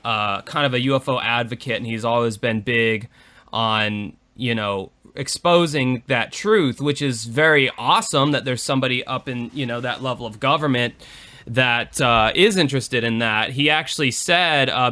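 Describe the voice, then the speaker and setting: A man's voice: mid-range voice, pushed and bright. A man co-hosting a podcast in casual chat, rambling with many fillers. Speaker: podcast co-host.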